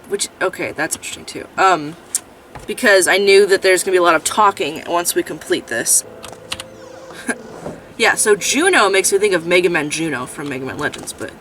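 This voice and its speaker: A woman giving casual, chatty commentary while playing a game, swearing freely and breaking into loud outrage. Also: on the low side, recorded from a distance, a little hiss or hum. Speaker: gameplay commentator. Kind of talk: casual let's-play commentary.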